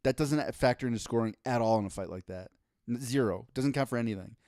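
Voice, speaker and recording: A man's voice: medium pitch, fast talker, a little mellow, dry recording, clean studio sound. A man co-hosting a casual podcast, ranting with exasperation and lots of swearing. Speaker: podcast co-host.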